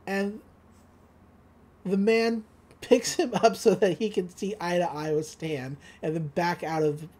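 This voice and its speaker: Giggly woman retelling a cartoon episode. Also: lowish voice. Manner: giggly, animated retelling with quick voices for quotes. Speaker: podcast co-host. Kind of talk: casual episode recap.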